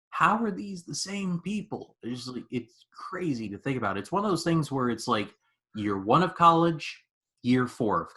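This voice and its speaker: Bright-voiced young man reviewing movies. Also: mid-range voice. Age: 20s. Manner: animated storyteller, lots of "like". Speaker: podcast host. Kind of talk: casual movie review chat.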